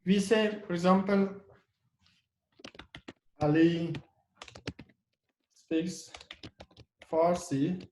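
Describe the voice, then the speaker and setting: With a high-pitched, slightly mellow voice, this English teacher draws out his words and leaves long pauses during a grammar lesson in an echoey room, with slight background noise. He asks and answers his own questions and stresses example sentences as he repeats them.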